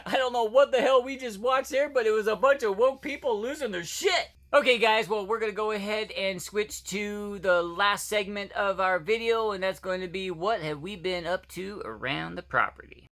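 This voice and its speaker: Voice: medium pitch, moderate pace, hardly any pauses, a bit bright. A vlog host reacting to clips in a casual, mocking way, often laughing.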